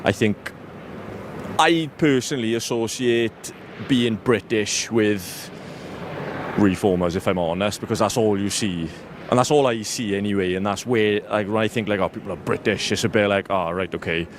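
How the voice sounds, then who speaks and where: A man with a lowish voice speaks frankly and haltingly, dropping a curse now and then. The recording is noisy with street sound around him. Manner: frank, swearing, hesitant. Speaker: passer-by interviewee. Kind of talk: casual street interview answer. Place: city street outdoors.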